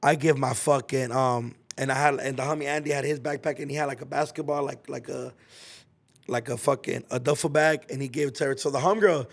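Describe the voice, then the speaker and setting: A young man from Los Angeles tells a story in a loose, casual podcast style. His talk is slangy and full of profanity, and he punctuates the action with spoken sound effects. He speaks at a mid-range pitch. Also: fairly even intonation, fairly quick, gravelly. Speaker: podcast host.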